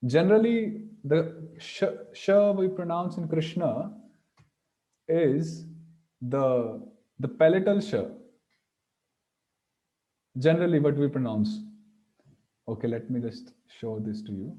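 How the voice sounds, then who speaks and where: A man teaching a pronunciation lesson, slowly demonstrating sounds and repeating syllables. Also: on the high side, expressive, dark tone. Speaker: Sanskrit teacher.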